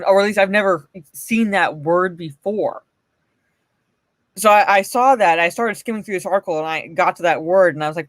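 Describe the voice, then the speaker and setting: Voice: medium pitch, fairly bright tone, dry recording. This is a livestream host riffing to chat from a home setup, swearing freely and laughing between remarks. The voice sits in a middle register and the sound is dry and close. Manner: blunt, profane, often laughing, greets chatters by name. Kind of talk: casual livestream commentary.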